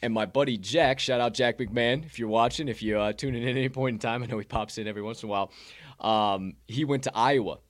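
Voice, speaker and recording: A young man from Illinois, telling stories in casual chat, swearing heavily and bursting out loudly when excited. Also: mid-range voice, fast talker, no room sound, studio quality. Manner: animated storyteller, heavy swearing, loud bursts when excited.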